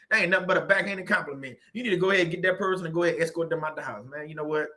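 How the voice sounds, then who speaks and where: A man's voice: sits high, lively intonation, very fast, pushed and bright. A man from Louisiana, hosting a casual motivational talk, joking and laughing often as he makes his points. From Southern Louisiana. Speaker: channel host. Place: room at home.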